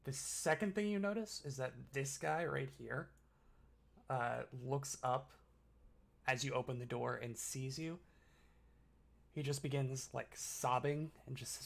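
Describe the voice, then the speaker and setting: A man's voice: medium pitch, steady tone, a little slow, vocal fry. A man running a tabletop game as game master, narrating casually with many fillers.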